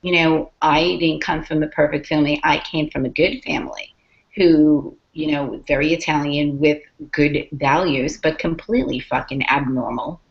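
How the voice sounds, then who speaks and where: A woman author chatting casually in an interview, telling animated stories with plenty of profanity and acted-out quotes. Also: deep voice, moderate pace, vocal fry. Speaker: author guest. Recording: dull lo-fi podcast audio.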